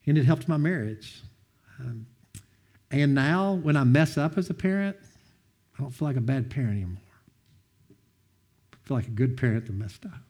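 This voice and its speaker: Man, earnest testimony, heartfelt storytelling, animated quoting, mid-pitched voice. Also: normal speed, pauses often. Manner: earnest, animated, quotes others in lively bursts. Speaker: speaker sharing a personal testimony.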